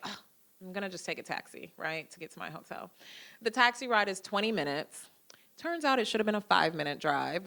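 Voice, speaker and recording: A woman in her thirties giving a public lecture, telling personal stories with acted-out dialogue. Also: medium pitch. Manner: lively storytelling, acting out quoted dialogue. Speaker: guest lecturer. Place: lecture hall.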